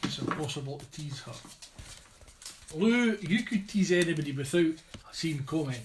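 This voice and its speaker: A man's voice: a little high, animated, normal speed, very noisy. A man with a Scottish accent reading out viewer comments on a casual livestream, teasing and joking.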